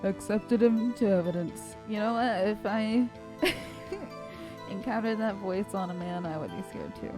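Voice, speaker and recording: A woman's voice: mid-range voice, sing-song, measured pace, pauses often. A woman streaming a video game, chatting in casual, giggly asides. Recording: game music behind.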